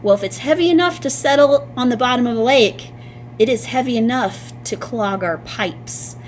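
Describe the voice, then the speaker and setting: A woman's voice: fairly high pitch, moderate pace, slight background noise. A woman art teacher giving a patient, sing-song classroom lesson to young children.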